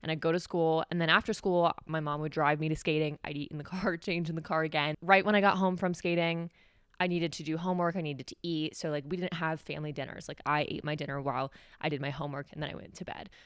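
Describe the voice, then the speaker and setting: Young woman podcast host, lowish smooth voice, candid and chatty, dry close sound. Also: steady tone, fast, fairly bright tone, dry recording. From New Mexico, USA. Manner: candid, conversational, heavy use of "like". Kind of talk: solo podcast storytelling.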